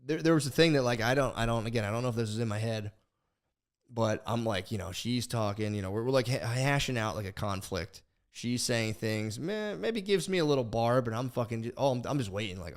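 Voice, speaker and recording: Young guy podcasting, swears a lot, rambly animated storytelling, keeps restarting his sentences. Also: lowish voice, fast talker. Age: young adult. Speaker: podcast co-host. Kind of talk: casual podcast chat.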